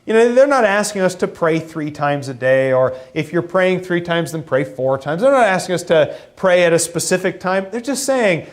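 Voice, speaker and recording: Animated man preaching a sermon. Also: moderate pace, few pauses. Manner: animated, acts out quoted voices with rising pitch. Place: church sanctuary.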